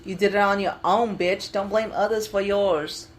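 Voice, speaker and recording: A woman's voice: mid-range voice, steady tone, normal speed, slight background noise. A woman co-hosting a podcast in casual chat with friends, blunt, swearing freely and laughing often. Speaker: podcast co-host.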